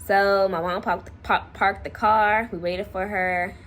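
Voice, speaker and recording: A young woman vlogger casually telling a personal story to camera, animated and laughing often. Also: medium pitch, measured pace, slight background noise. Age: young adult.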